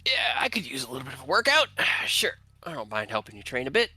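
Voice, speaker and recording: A woman voicing a cheerful, energetic woman companion in a tabletop role-play. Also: extremely low pitch, quick pace, slightly rough, no room sound, exaggerated voice. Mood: breezy.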